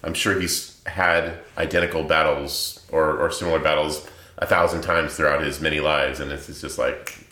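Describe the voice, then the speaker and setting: Casting note: man with a very deep yet bright, forceful voice, easygoing co-host. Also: steady tone, normal speed. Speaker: podcast co-host. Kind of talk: casual book discussion. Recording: roomy echo.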